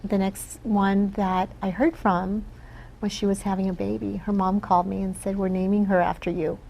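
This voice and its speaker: A woman's voice: medium pitch, level tone, normal speed, gravelly, warm tone, slight background noise, poor audio. A woman from the Philippines, a guest on a talk show, telling stories in an earnest way and often asking "right?". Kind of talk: casual interview talk.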